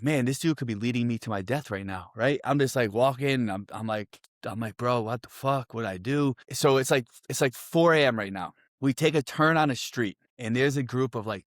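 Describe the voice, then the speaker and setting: A young man from Connecticut telling a wild story on a podcast, animated and profane, full of "I'm like" and "right?". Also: medium pitch, no echo, studio quality. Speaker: podcast guest. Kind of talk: casual storytelling.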